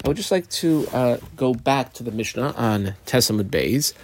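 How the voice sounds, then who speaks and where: A man's voice: medium pitch, expressive, normal speed, no room sound. A man teaching a Talmud lesson, reading out passages and explaining how he marks up the text.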